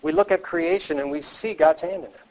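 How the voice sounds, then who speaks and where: Guy teaching a counseling class, kinda high voice, earnest, keeps asking the room questions. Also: a little fast, a little mellow, rough recording. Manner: earnest, emphatic, repeats key phrases; asks the class rhetorical questions. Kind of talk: teaching lecture.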